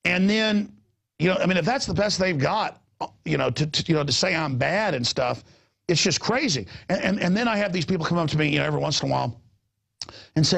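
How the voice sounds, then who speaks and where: A middle-aged male host with a gravelly, husky voice that sits a bit high for a man. He rambles excitedly, stumbling over and repeating his words as he chats with a guest. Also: a little fast. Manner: excitable, repeats words, jumps between pitches. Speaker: talk show host. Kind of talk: animated rambling talk-show chat.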